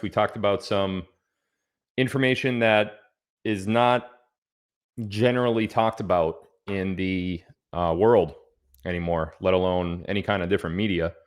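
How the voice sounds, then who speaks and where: A man's voice: fairly low pitch, clear, resonant tone. A man hosting a casual livestream, chatting loosely and reading out where viewers are from. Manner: chatty, reads out viewer locations. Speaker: livestream host.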